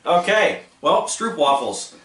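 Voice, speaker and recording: A man's voice: on the high side, sing-song, slow pace, bright, forceful tone, recorded from a distance. Goofy man joking in an echoey room. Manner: goofy, jokey, self-mocking. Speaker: vlog host. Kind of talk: casual food-tasting chat.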